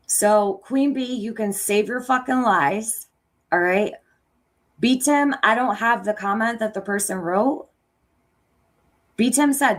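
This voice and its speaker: A woman's voice: medium pitch, expressive, a little slow. A middle-aged woman hosting a reaction commentary, speaking bluntly and angrily with lots of swearing and sarcastic quoting. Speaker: commentary channel host.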